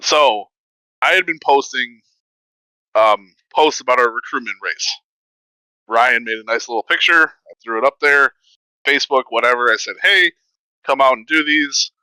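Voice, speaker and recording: A man's voice: mid-range voice, normal speed, clear, resonant tone, no room sound, poor audio. A man hosting a podcast, telling a story in casual chat and acting out the voices in it. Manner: animated, acts out quoted voices. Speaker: podcast host.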